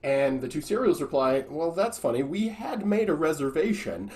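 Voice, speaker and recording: A man improv performer telling jokes in a measured, deadpan way. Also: a little high. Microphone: video call.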